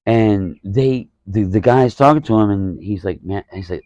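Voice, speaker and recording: A man's voice: fairly low pitch, lively intonation, unhurried, a little mellow, no echo, lo-fi sound. A man, a stand-up comedian hosting his own podcast, telling a story in a rambling, profane way with many restarts and acted-out quotes. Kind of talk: casual storytelling monologue.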